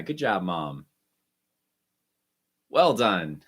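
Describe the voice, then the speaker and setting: A man teaching an online music lesson, guiding students through breathing and warm-up exercises with short, encouraging instructions. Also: lowish voice, expressive, a little slow.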